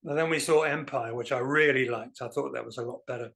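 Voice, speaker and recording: A man, a guest musician telling self-deprecating stories in a relaxed interview. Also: mid-range voice, quick pace, vocal fry. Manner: animated anecdotal, self-deprecating. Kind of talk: casual storytelling interview.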